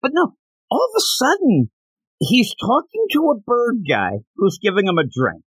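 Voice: mid-range voice, wildly swooping pitch, normal speed, husky, no echo. A podcast co-host in casual chat, animatedly retelling comic panels and joking about them.

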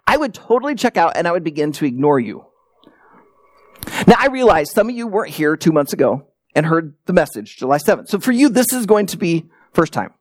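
Male pastor, conversational sermon, self-deprecating, lively pitch. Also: fast, no room sound, clean studio sound. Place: church sanctuary.

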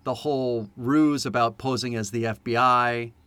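A man co-hosting a podcast in casual chat, animated and laughing often as he acts out movie lines. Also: mid-range voice, normal speed, smooth, no echo. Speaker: podcast co-host. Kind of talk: casual chat about a film.

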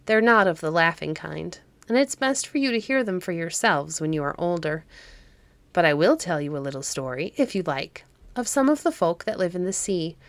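A woman reading as a gentle old caretaker woman. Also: on the low side, lively intonation, moderate pace, dry recording. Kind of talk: storybook reading.

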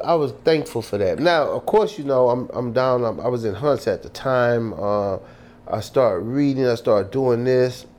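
A man, a guest telling humorous stories in an interview, animated and laughing, full of slang. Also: medium pitch, slight background noise.

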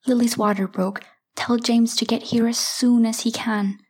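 A woman voicing a motherly older woman calling in a hurry, out of breath and urgent. Her voice is pitched high and airy, with a husky edge. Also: little pitch movement, a little mellow. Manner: hurried, urgent.

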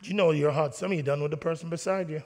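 A man preaching a sermon in a church, animated and playful, acting out little scenes. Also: on the high side, quick pace. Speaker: pastor. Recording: long reverb of a church hall.

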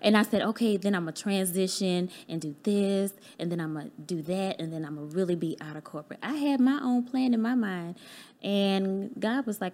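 A woman guest on a podcast talks through a personal story in an earnest, heartfelt way. She acts out what people said to her as she goes, and her voice sits at a middling pitch. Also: expressive, normal speed. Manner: candid, acts out remembered dialogue. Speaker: podcast guest, business owner.

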